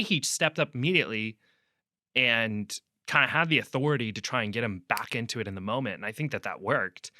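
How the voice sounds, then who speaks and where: A man's voice: medium pitch, no room sound, studio quality. A young adult man, a sports reporter guest, telling rambling stories in a conversational interview and acting out quotes. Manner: rambling storyteller, restarts, acts out quotes loudly.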